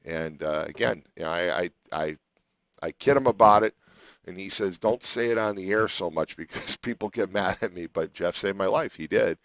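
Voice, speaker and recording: A man's voice: low-pitched, normal speed, fairly bright tone, dry recording, rough recording. A middle-aged man hosting a radio show, telling a long personal story in a rambling way with many restarts.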